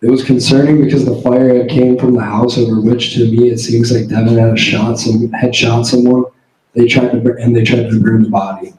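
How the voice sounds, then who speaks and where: A man's voice: medium pitch, flat delivery, moderate pace, darkish tone, reverberant, a little hiss or hum, rough recording. A teenage boy playing a witness in a school mock trial, giving plain, short answers. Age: teens. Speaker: student witness.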